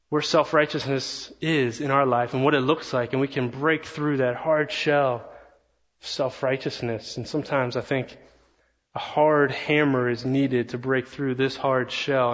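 A man preaching a sermon, earnest and animated, telling a story with quoted asides. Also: mid-range voice. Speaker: pastor. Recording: long reverb, slightly dull sound.

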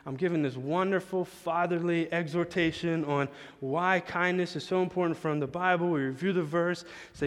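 Pastor guy telling funny stories from the pulpit, kinda high voice, long echo in the room. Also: steady tone, moderate pace, few pauses. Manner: storytelling, chatty, acts out dialogue. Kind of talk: sermon with personal stories. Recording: long hall reverb.

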